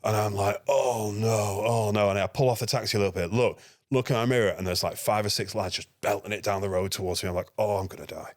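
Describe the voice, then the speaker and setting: A man, a podcast guest, telling a lively anecdote and acting out his own dialogue. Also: lowish voice, quick pace, hardly any pauses, dry recording, studio quality. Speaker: guest, NGO security manager. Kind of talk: casual podcast storytelling.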